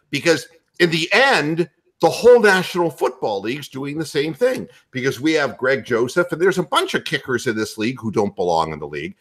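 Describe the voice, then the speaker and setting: A man with a high, lively voice rants about football in a loud, profane, comedic way. His tone is bright and cutting, and he swings up and down in pitch as he works himself up. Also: fairly quick. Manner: loud, profane, animated ranting. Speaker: podcast host. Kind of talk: ranting comedic sports talk.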